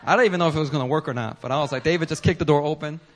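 A man preaching a sermon as pastor, telling a story animatedly with laughter and sudden shouts. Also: a little high, racing. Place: church service.

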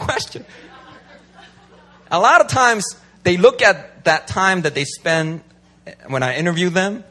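A man's voice: fairly high pitch, slightly rough. A man who is a pastor, talking casually and animatedly, acting out what people say. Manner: animated, acts out quotes. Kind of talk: casual talk.

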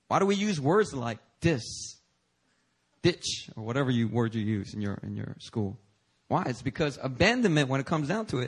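A man from Korea, preaching with a fairly high voice. He talks to the congregation like old friends, moving from loud emphatic phrases to soft, quiet asides. His stories carry a playful, laughing edge. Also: lively intonation, moderate pace, husky. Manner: conversational and playful, telling personal stories with laughs. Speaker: pastor. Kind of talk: sermon.

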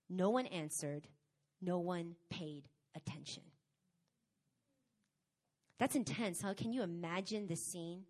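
A woman preaching a sermon, reading scripture and telling her own testimony, with emphatic bursts that drop to quiet, casual asides. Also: mid-range voice. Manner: casual, conversational retelling with fillers.

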